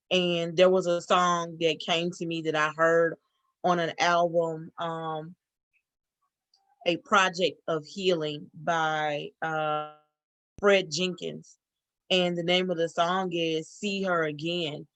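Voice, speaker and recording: A middle-aged woman giving a spoken church testimony, earnest and halting, with many fillers and restarts. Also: on the low side, a bit bright, dry recording.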